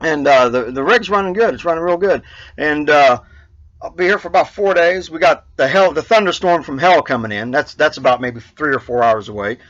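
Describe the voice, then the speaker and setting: A man hosting his own trucking show, talking in a casual, rambling way with many halting fillers and chuckles. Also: a little high, fairly bright tone, muffled recording. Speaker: trucker podcast host.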